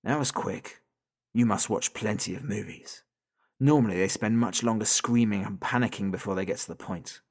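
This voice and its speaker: A man's voice: fairly low pitch, husky. A man doing a taunting phone entity. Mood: menacing. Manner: taunting, soft and slow, drawing out the listener's name. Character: sinister unseen male entity on a toy phone, mocking and hungry. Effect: tinny and thin through a phone.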